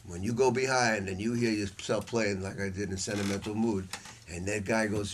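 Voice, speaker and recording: An older man holds a saxophone masterclass in a small hall, his voice sitting a little low. He tells stories casually and swears freely, playing the other people in them himself. A faint hiss and some clicks sit under the recording. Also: moderate pace. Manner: animated, acts out quoted voices, laughs often. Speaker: saxophone teacher giving a masterclass. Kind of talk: casual, profane storytelling lecture. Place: music store hall with a small audience. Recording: faint background noise and clicks.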